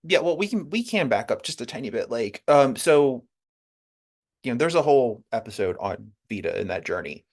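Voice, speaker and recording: A man's voice: medium pitch, sing-song, moderate pace, a little mellow. A man, a comics writer as a guest, telling his story in a rambling way with many fillers and restarts. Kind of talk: conversational interview.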